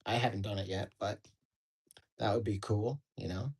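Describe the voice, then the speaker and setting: American man, study-group host, loose and chatty, mid-pitch, swears casually. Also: fairly even intonation, normal speed, darkish tone, slightly rough, low-quality recording. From United States. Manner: casual, rambling, swears freely, many fillers. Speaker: host of a daily book study. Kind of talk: reading aloud with casual commentary.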